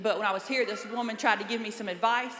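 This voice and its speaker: A woman's voice: medium pitch, steady tone, fast talker, a bit bright. A woman in her thirties from North Carolina with a Southern accent, doing a playful, self-mocking stand-up comedy set. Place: comedy club stage. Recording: roomy club with long reverb.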